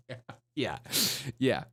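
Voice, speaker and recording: With music behind him, a young livestream host delivers comedic political commentary, laughing often and reading comments from chat. He speaks very slowly, and there's no echo.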